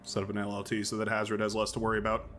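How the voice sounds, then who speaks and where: Bright-voiced, chatty game streamer man. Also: on the low side, rapid-fire, faint music behind. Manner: chatty, thinking aloud, excitable. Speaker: streamer playing a strategy game. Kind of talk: live game-stream commentary.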